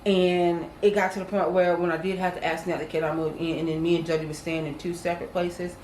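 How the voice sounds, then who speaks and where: Casting note: lower-voiced woman, earnest storyteller, echoey room with a faint hiss. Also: level tone, fast, darkish tone. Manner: earnest storytelling, acts out quoted voices, addresses viewers as y'all. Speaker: co-host. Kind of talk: casual testimony chat.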